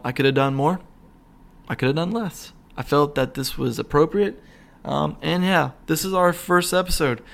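A young man hosting his own podcast, rambling excitedly with lots of fillers and restarts. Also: a little high, gravelly. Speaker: podcast host. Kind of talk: casual solo podcast rant. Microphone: single mic, podcast.

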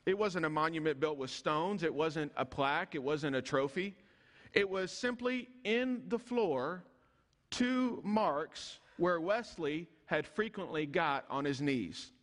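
Preacher guy, kinda high voice, long reverb from the church hall, slows way down on the scripture. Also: animated. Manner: reads scripture slowly, drops low and soft in prayer. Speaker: pastor. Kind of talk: sermon. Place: church sanctuary.

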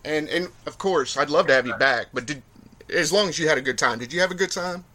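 A man from the American South hosting a podcast, talking in a relaxed, rambling way with lots of laughs. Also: on the high side, fast talker. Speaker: podcast host. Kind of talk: casual podcast chat.

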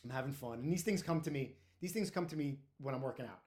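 A middle-aged man, a retired firefighter, telling stories casually, animated, laughing often and swearing freely. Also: medium pitch, fast. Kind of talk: casual storytelling to camera.

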